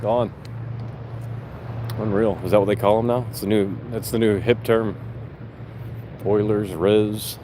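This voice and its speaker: A man's voice: lowish voice, steady tone, a little slow, pauses often, noisy background. A young man hosting a livestream, chatting casually to viewers in a rambling, sarcastic, profane way from a car. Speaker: livestream host. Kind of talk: casual livestream chat reading viewer comments.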